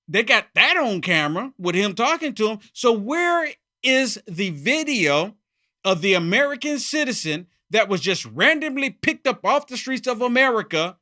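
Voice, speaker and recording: A man hosting his own political commentary monologue, emphatic and repeating his points, swinging from loud outbursts to muttered asides. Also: sits high. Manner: emphatic, repeats phrases for effect. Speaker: channel host.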